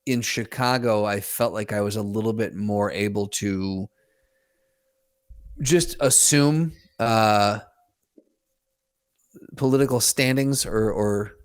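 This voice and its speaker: A man's voice: fairly low pitch, slow pace, pauses often, clear, resonant tone, dry recording, clean studio sound. A man co-hosting a podcast, speaking thoughtfully with frequent restarts and brief agreements. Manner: thoughtful, hesitant, many restarts and backchannels. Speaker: podcast co-host. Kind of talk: casual chat.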